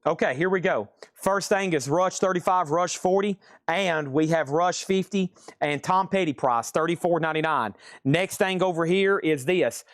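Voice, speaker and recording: Man, higher voice, auction host, dry close sound, jokey price calls. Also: normal speed, hardly any pauses, dry recording. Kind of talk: live-stream record sale.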